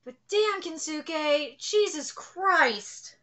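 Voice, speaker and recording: A woman with a high, bright voice gives live reaction commentary. She gushes in exclamations and swears freely. Her delivery is unhurried. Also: expressive. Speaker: manga reaction host.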